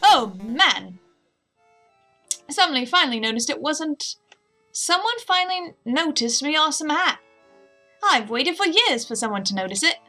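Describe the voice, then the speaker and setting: A woman's voice: sits high, big pitch swings, moderate pace, pauses often, pushed and bright, faint music behind, voice pushed up, exaggerated voice. A woman voicing a boastful bird guard in a game, talking in a piratey way. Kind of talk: game dialogue read aloud.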